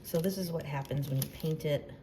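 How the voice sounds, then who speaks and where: A woman's voice: low-pitched, fairly quick, warm tone, a little hiss or hum. A woman hosting a baking tutorial, chatting casually with playful, self-deprecating asides as she demonstrates.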